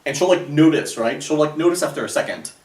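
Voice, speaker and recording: A man's voice: a little high, lively intonation, fast talker, darkish tone. A man giving casual dating advice in a sarcastic, rambling way, with many fillers. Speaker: dating coach. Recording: echoey room, voice a bit far from the mic.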